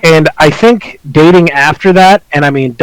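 A man with a slightly higher voice speaks openly and reflectively, chuckling now and then as he tells his stories. The sound is dry and close to the mic, with no room around it. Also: normal speed, smooth, no echo, poor audio. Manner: reflective, open, chuckles while telling stories. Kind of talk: casual candid conversation.

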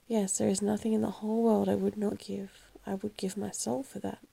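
Vain young gentleman in anguish read by a woman, gravelly and husky, storybook reading. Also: medium pitch, flat delivery, brisk. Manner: impassioned, pleading. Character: vain young man in anguish over aging.

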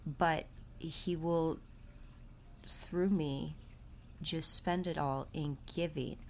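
A woman's voice: deep voice, fairly even intonation, extremely slow, slight background noise. A woman talking casually to her viewers, confiding about her family and her faith. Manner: chatty, confessional, talks about faith. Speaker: vlogger and mother. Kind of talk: casual confiding vlog chat.

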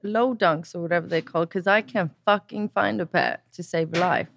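A woman's voice: on the low side, a little fast, vocal fry, slight background noise. A woman with an English accent co-hosting a podcast, talking bluntly and swearing freely in casual chat. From Italy and Sweden. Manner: blunt and profane, animated. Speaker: podcast co-host.

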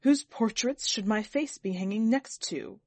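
Storybook villain: woman voicing a vain, wrathful man of power, lowered pitch, loud and biting, dry close read. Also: a little slow, dry recording. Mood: angry. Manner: shouting, wrathful. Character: vain angry powerful man called Sir.

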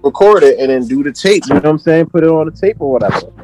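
This interview guest, a music producer, talks fast in a slightly high, darkish voice with an animated delivery. He tells stories in a loose, slangy manner, sprinkling in "you know what I'm saying" often.

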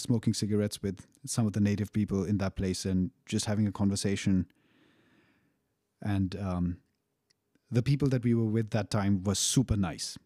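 A man's voice: fairly low pitch, dark tone, dry recording, studio quality. A man casually recounting a personal story, rambling and profane, with frequent fillers and chuckles.

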